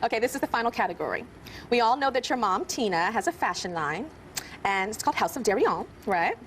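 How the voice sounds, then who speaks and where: Woman talk show host, high lively voice, teasing banter, studio audience noise behind. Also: fast, a loud crowd. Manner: animated, teasing, laughs often.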